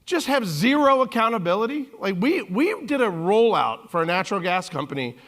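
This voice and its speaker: A man in his forties giving a humorous keynote on stage, telling stories with lively acted-out quotes. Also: high-pitched, fairly quick. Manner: animated, jokey, acts out quotes in voices. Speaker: keynote speaker. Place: conference stage.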